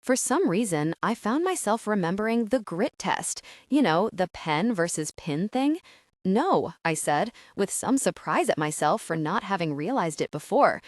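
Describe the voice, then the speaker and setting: A woman's voice: medium pitch, sing-song, normal speed, hardly any pauses, dry recording, studio quality. A woman narrating a first-person audiobook in a wry, conversational way.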